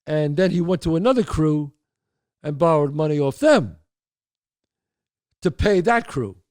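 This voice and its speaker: An older man tells a neighborhood story in a lively, swooping voice, often jumping into his friends' voices. His voice sits a little high for a man and sounds dry and close to the mic. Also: unhurried, dry recording. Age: 60s or older. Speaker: host. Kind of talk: storytelling monologue.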